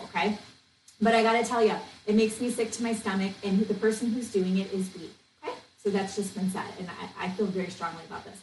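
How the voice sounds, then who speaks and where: A woman's voice: mid-range voice, darkish tone. A woman hosting a podcast, talking passionately and bluntly, venting and coaching. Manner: passionate, blunt, venting, says "okay?" often. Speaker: podcast host, network marketing coach. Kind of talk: fired-up solo podcast talk. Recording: echoey room, distant mic, faint noise.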